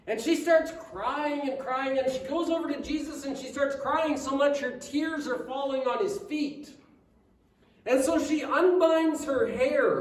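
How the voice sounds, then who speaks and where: A man preaching a sermon as pastor, telling a story with asides and rhetorical questions to the congregation. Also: very high-pitched. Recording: echoey room, mic at a distance.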